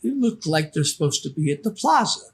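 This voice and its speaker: Podcast guest, sixties, man with a high voice; rambling storyteller who restarts sentences and acts out quotes. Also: big pitch swings, a little fast, slightly rough. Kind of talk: casual storytelling.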